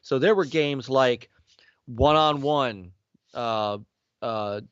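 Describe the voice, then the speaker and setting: Animated storytelling man in his forties. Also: slow pace, clear, resonant tone, no echo. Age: 40s. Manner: animated, acts out quotes with big pitch swings. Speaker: guest. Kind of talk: casual chat, storytelling. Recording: dry, slightly dull sound.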